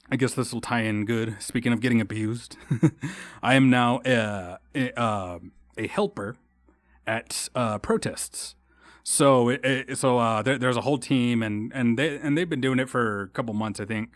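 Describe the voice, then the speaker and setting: A man's voice: mid-range voice, a bit bright, no room sound, studio quality. A young man from Texas hosting a solo podcast, ranting in a heated, rambling way with constant swearing and restarts. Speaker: podcast host. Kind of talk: casual solo podcast rant.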